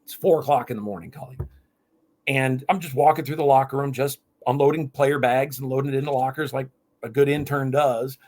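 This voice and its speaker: A man in his fifties from New England, a podcast guest telling animated stories in casual interview talk. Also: mid-range voice, a little fast. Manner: animated, lively anecdotes with restarts.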